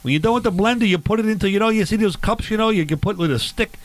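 A man's voice: high-pitched, very fast, dry recording. A man hosting a comedic cooking segment, rambling and playfully confused as he talks about food. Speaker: comedic barbecue host character.

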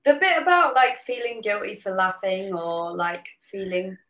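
Woman from New Zealand, guest, animated storyteller; roomy, dull remote audio. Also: medium pitch, moderate pace. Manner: animated storyteller, laughs often. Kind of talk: casual chat. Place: home.

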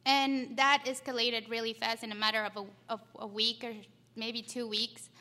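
A young woman with a slightly high, bright voice shares her recovery story at a meeting. She speaks haltingly, with many fillers, and sounds close to tears. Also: little pitch movement.

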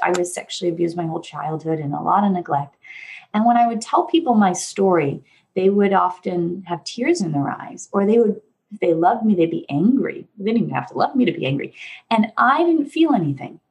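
Woman therapist, podcast guest or host, mid pitch, thoughtful and gently explanatory. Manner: thoughtful, gently explanatory, acts out quoted voices. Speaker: trauma therapist. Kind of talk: podcast conversation.

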